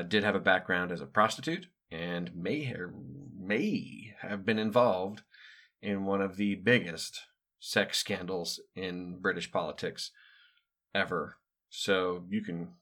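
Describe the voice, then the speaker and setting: A middle-aged American man, a podcast host, recounts his upbringing in a casual, wry, digressive monologue, full of offhand asides and hesitant fillers. His voice sits low, with a bright, forceful tone.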